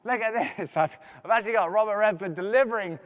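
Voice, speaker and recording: A man with a high, smooth, resonant voice runs a live charity appeal, reading donor names and thanking each one. He slips in joking asides between the names. His voice rings out with a long reverb through a large hall. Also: fast. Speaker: fundraising appeal host. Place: large arts center venue.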